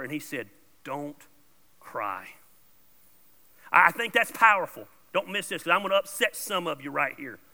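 A male pastor with a high, very bright, sharp-edged voice preaches a sermon. He talks bluntly and informally, jumping from loud emphatic bursts to soft asides. The sound has the long reverb of a large church hall.

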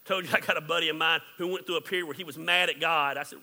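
Pastor, male, high sharp voice; candid and jokey, loud then hushed, hall reverb. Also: steady tone, rapid-fire, vocal fry. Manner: candid, joking, swings between loud and hushed. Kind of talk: sermon.

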